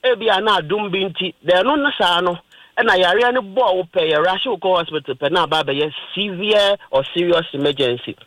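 A man with a Ghanaian accent talks through a health topic on a radio show, explaining step by step like a teacher. His voice sits a little higher than most men's. The sound is dry and close. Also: fairly quick, a bit bright, dry recording, rough recording. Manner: explanatory, lecturing with everyday examples. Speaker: health expert guest on radio. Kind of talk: radio health talk, mixing Twi and English.

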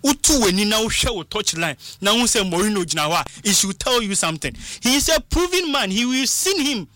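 Excitable pundit with a high, bright voice. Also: male voice, brisk, no echo. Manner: excitable, mixes English with local phrases, acts out quotes. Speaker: football pundit. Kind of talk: animated sports talk.

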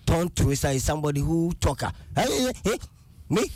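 Joking co-host, high voice. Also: male voice, very animated, brisk, a little mellow, no echo. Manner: joking, plays along. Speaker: radio co-host. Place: radio studio.

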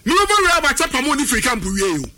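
A man with a Ghanaian accent giving animated sports talk, emphatic and repetitive, drifting into a sing-song delivery. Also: very high-pitched, fast talker. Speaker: sports pundit. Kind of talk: animated sports talk mixing Twi and English.

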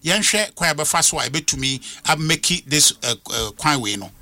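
A man's voice: fairly high pitch, moderate pace. A middle-aged Ghanaian man hosting a radio talk show, speaking emphatically and switching between English and Twi. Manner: emphatic, lively, code-switching. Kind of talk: animated radio discussion mixing English and Twi.

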